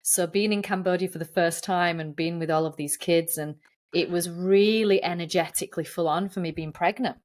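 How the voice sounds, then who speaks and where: A woman's voice: on the low side, steady tone, normal speed. A woman guesting on a podcast, telling her story in a candid, earnest way in casual interview chat.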